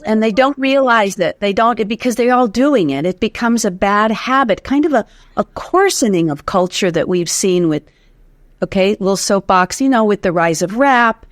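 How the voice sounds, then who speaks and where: A voice teacher from the United States, guesting in an interview, explains vocal tips, hums demonstration examples, and laughs easily as she instructs. Her medium-pitched voice is animated and moderately paced, in clean studio sound with no room sound.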